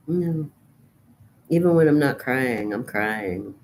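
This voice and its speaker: A woman's voice: extremely low pitch, a little mellow. A woman in her fifties, depressed and weary, talking in a profane, rambling, bleak monologue to her camera. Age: 50s. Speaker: vlogger.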